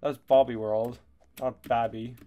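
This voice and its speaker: Casual gaming commentator, male, mid-pitched, excitable and loose, laughs and curses a lot. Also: measured pace. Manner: excitable, laughs and swears often. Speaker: gaming YouTuber.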